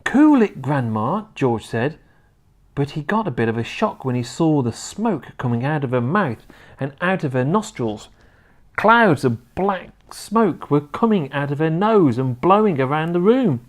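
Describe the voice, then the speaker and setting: A man reading a children's book aloud in an expressive storytelling manner. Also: a little high, normal speed.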